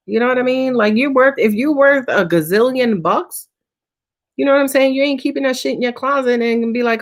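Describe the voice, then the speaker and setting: A woman's voice: fairly high pitch, moderate pace. A woman tarot reader answering viewers' questions on a live stream, talking in a casual, slangy, profane way and sounding tired.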